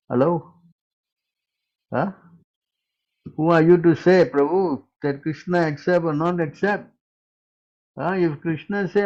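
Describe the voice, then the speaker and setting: A man teaching in a question-and-answer session, forceful and scolding, who keeps asking "huh?" and "hello?". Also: a little high, muffled recording.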